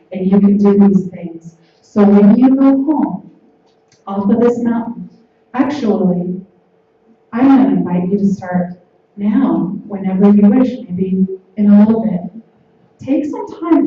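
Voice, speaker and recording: A woman giving a gentle, repetitive spiritual talk from a conference stage. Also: mid-range voice, a little hiss or hum. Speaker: conference speaker. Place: large hall on stage. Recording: echoey hall from far off, dull lo-fi.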